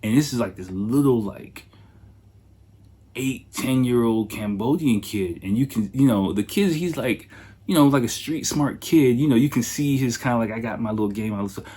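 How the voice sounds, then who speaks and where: A man hosting a podcast, telling a travel story in a loose, animated way, full of swearing and fillers. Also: medium pitch, moderate pace, slightly rough. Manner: animated, profane, filler-heavy retelling. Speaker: podcast host. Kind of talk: casual anecdote storytelling.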